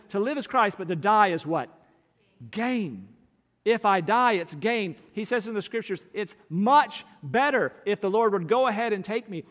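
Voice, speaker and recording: A man's voice: high voice, a bit bright. A male pastor preaching a sermon, earnest and emphatic, often repeating words as he builds a point. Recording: long hall reverb.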